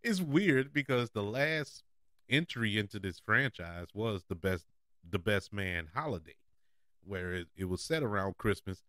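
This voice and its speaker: A man's voice: lowish voice, lively intonation, a little slow, fairly bright tone, no room sound, studio quality. A man hosting a casual movie preview show, chatty and often laughing. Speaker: podcast host.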